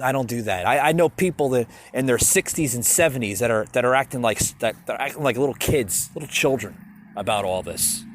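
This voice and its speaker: A man's voice: medium pitch, a little hiss or hum. A man hosting a solo podcast, ranting in a repetitive, stammering way and calling his listeners folks. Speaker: podcast host.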